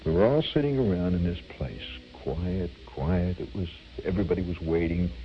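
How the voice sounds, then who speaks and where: An older man telling a childhood memory as a vivid, animated radio storyteller. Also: sits low, normal speed, muffled recording, over music.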